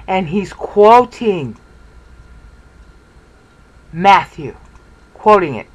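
Presenter, mid-range voice, casual lecture, excitable, volume rises and fades. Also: medium pitch, rough recording. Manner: excitable, lively, thinks aloud. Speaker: Bible study presenter. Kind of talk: informal screen-share lecture.

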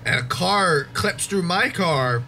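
A man's voice: sits high, lively intonation, slow, pushed and bright, slight background noise. A young man giving casual gameplay commentary as a YouTuber, swearing and joking in exasperation. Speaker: gaming YouTuber.

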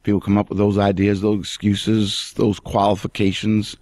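A man's voice: on the low side, monotone, normal speed, darkish tone, no echo. A male pastor preaching an emphatic radio sermon and speaking straight to the listener.

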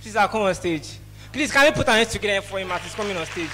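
A man with a Nigerian accent doing a lively stand-up set at an event, teasing the crowd and slipping into pidgin. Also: high voice, fast talker, a little hiss or hum. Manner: lively, mixes pidgin, teases audience. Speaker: stand-up comedian. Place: event hall.

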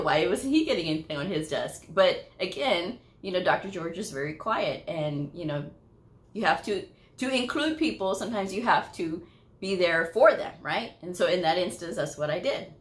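A woman hosting her own channel, telling a workplace story in a chatty way, laughing often and checking in with her listeners. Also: on the low side. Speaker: medical coding channel host. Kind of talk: casual storytelling vlog. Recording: echoey room.

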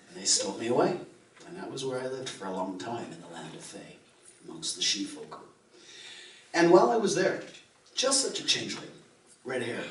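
A man, a folk minstrel, telling a fairy tale to a live audience in a playful, theatrical way with joking asides. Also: mid-range voice. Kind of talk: live storytelling between songs. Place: indoor live concert venue with an audience. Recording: roomy live recording from far off.

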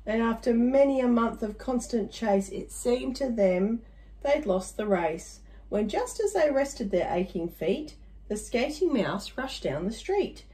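A woman's voice: on the high side, expressive, unhurried, dark tone, poor audio. A woman reading a rhyming children's story aloud, playful, with little asides to the listener.

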